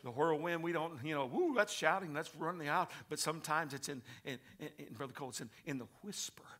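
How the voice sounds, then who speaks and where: A man preaching a sermon to a congregation in church, reading scripture and swinging from hushed whispers to shouted passages. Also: fairly high pitch, lively intonation, fairly quick.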